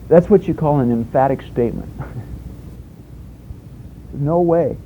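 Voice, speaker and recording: A man delivers a sermon as if chatting with his listeners, with rhetorical questions and everyday stories. His voice is deeply mellow and dark, and a faint low rumble sits underneath it. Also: measured pace, low-quality recording. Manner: conversational preaching with rhetorical questions and homespun stories. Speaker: preacher.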